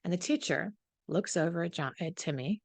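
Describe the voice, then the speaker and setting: A woman host telling a story in a casual, animated way, chatty and prone to repeating herself. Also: on the low side, normal speed, gravelly, dry recording.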